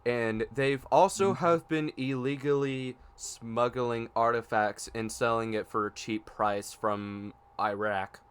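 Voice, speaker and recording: A man with a smooth, resonant voice co-hosts a casual podcast. He talks eagerly about what he is looking forward to and offers confident predictions, at a mid-range pitch. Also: fairly even intonation, slow pace, few pauses. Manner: enthusiastic, makes predictions, frustrated by tech issues. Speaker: podcast co-host.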